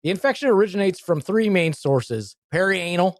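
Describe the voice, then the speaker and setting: A man's voice: high voice, expressive, moderate pace, no echo, clean studio sound. A man co-hosting a podcast, a nurse explaining things in a jokey, mock-dramatic way. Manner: jokey, mock-dramatic, hammy segment announcements. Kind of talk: casual comedic chat.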